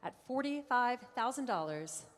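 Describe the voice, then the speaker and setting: A woman's voice: a little high, lively intonation. A woman auctioneer runs a live car sale, rattling off figures and teasing bidders between calls. Her voice rings out in a large room with a long trailing reverb. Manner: brisk bid-calling with playful asides to bidders.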